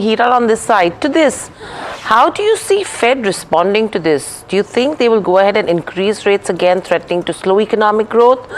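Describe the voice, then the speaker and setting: A woman co-anchor putting clear, direct questions to a guest on live news. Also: medium pitch, poor audio. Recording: faint background noise.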